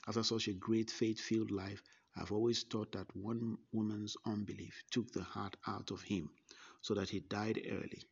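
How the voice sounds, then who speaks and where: A man reading a first-person narration in a measured way, with small slips and restarts. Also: lowish voice, flat delivery, creaky, slightly rough, lo-fi sound. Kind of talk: scripted narration.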